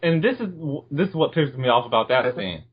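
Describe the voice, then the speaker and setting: A man from Alabama, co-hosting a casual movie-review chat, animated and opinionated. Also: medium pitch, brisk, breathy edge. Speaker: podcast co-host. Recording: dull lo-fi podcast audio.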